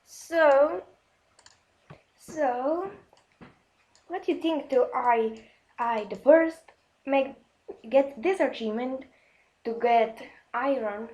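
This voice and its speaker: Woman w high voice talking slow thru her game, gasps n nervous laughs. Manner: excitable, easily startled, gasps and nervous laughs; halting non-native English with frequent restarts. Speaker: gaming video host. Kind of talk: casual gameplay commentary.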